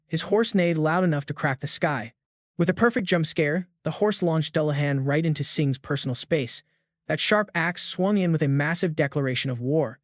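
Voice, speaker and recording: A man's voice: a little high, moderate pace, dry recording, clean studio sound. Hyped man narrating a recap. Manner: slangy, hyped-up storytelling. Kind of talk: scripted narration.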